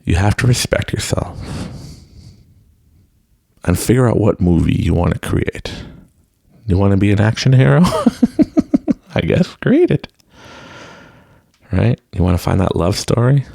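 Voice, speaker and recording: A man's voice: on the low side, big pitch swings, measured pace, creaky, pauses often, mellow, slightly rough, dry recording, clean studio sound. A man hosting his own podcast, giving an unscripted motivational talk and laughing often. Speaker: podcast host. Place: room at home with a mic.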